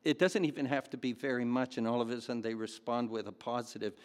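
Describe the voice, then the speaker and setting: A man's voice: medium pitch, steady tone, quick pace. A man preaching a sermon in a chatty, storytelling way with fillers and asides. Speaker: pastor. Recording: long hall reverb.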